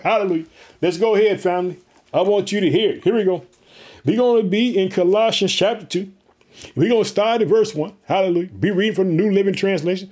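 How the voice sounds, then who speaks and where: A man preaching an online sermon, fired up and excited, calling listeners "family" and praising often. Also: high voice. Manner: excited, repeats "family" and "hallelujah", Southern-style "y'all". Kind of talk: online sermon with prayer and Bible reading.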